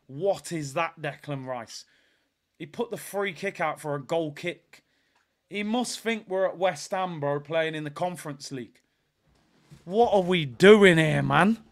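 A young man hosting a live football watch-along, reacting with frustration and shouting at the players. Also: on the high side. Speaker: fan watch-along host.

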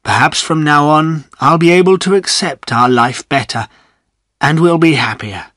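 A man reading a storybook aloud and voicing a regretful gentleman who speaks sadly. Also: moderate pace, no echo, clean studio sound, lightly acted. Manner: low, sad. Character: regretful wealthy gentleman, sad and bitter.

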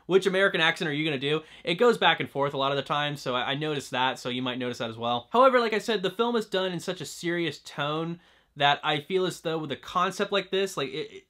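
A man's voice: fairly high pitch, quick pace, bright, forceful tone. A young man casually talking through a film review, chatty and loose, with lots of "like" and restarts. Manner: chatty, fills talk with "like" and restarts. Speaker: movie reviewer.

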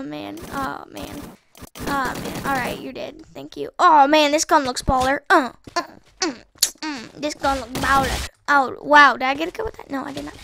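A woman giving excitable live gameplay commentary, trash-talking opponents and giggling as she plays. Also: high voice, vocal fry, noisy background. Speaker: gaming channel host.

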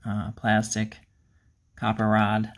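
A man's voice: lowish voice, completely flat delivery, takes it slowly. Rambling, self-deprecating male hobby vlogger. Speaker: miniature painting channel host. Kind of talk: casual hobby vlog.

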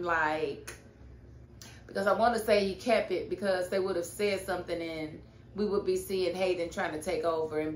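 A woman reviewing a TV episode in a casual, animated and sassy way, often scolding the characters directly. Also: fairly low pitch. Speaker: TV show reviewer. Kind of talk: casual TV recap vlog. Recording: echoey room with faint noise.

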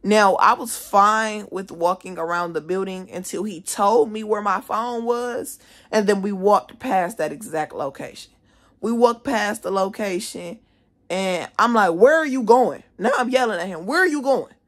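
A teenage girl telling a story from school in a casual vlog from her bedroom, animated, indignant and swearing freely. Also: mid-range voice, a little slow. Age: teens. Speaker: vlogger, student. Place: at home, bedroom.

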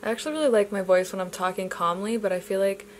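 A young adult woman chatting casually to camera as a vlogger, bubbly and gushing at times, then drifting into soft, reflective musing. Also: mid-range voice, quick pace, slight background noise, rough recording. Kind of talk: casual vlog chat.

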